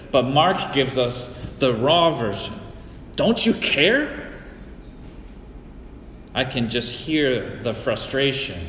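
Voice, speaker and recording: A middle-aged man from the US Great Lakes region preaches a sermon, taking his time over every phrase. His storytelling is deliberate, and he weaves in anecdotes from his own life. His voice rings out in a roomy hall with a long reverb tail, over a faint hum of background noise. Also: medium pitch, fairly bright tone. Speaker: pastor.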